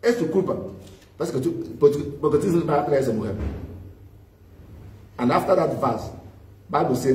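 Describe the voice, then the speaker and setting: A male pastor preaches a sermon in a high voice and keeps asking his congregation to fill in the words. He is recorded in a reverberant church hall from a distance. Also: animated, moderate pace, pauses often, a little mellow. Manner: call-and-response, prompts the congregation with "what?".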